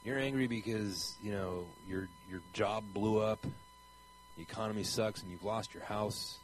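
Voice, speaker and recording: A man's voice: fairly low pitch, wildly swooping pitch, moderate pace, soft background music, poor audio. A man speaking in a conversational preaching style, earnest and rambling, asking his listeners pointed questions. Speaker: traveling Christian preacher.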